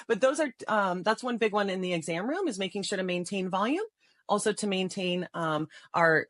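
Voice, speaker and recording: Lively woman with a dry, close sound. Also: lowish voice, no room sound. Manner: animated, laughs often, acts out example dialogue. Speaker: podcast guest, sales trainer. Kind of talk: casual interview talk with demonstrations.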